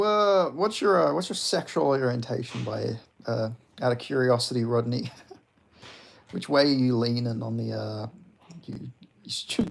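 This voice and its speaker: A young man with a creaky, mid-range voice hosts a livestream, reading the chat and talking loosely. He laughs and swears freely in this casual stream banter.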